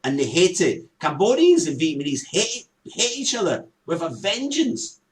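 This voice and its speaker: A man co-hosting a casual talk show, loud and excitable, quick to laugh, chatting outdoors at a hilltop lookout. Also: high-pitched, a little hiss or hum. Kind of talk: casual chat.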